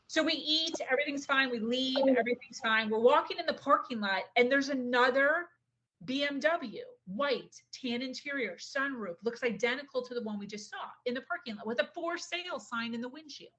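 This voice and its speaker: A young adult woman telling a personal story in a casual, animated way, often saying "like" and acting out what people said. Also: high-pitched, moderate pace. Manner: animated, acts out quotes, says "like" often. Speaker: podcast guest.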